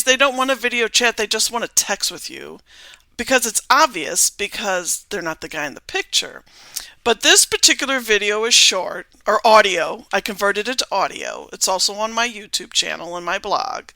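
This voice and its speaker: Older woman podcast host, bright lively voice, sarcastic and chatty, dry close sound. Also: medium pitch, no room sound. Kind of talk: casual podcast monologue.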